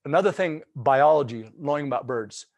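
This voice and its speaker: A man's voice: mid-range voice, expressive, brisk, vocal fry, darkish tone, dry recording. A man giving a webinar lesson on turkey hunting, explaining calls in a folksy, loose way with many restarts.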